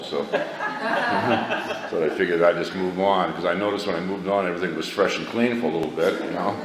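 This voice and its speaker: A middle-aged man telling a rambling, self-mocking personal story to a recovery meeting, laughing at himself. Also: sits low. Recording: echoey hall, faint background noise.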